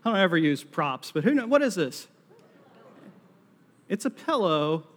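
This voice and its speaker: A man's voice: high-pitched, sing-song, a little slow. A middle-aged man with a Southern US accent preaching a sermon on stage, joking and self-deprecating as he talks to the congregation. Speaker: pastor. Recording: long hall reverb.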